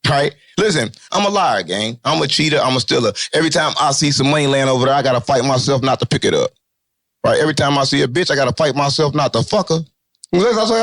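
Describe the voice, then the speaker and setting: A man giving an interview in loose, unfiltered street talk, animated and joking, cursing and repeating his catchphrases. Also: medium pitch, fast talker. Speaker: interview guest.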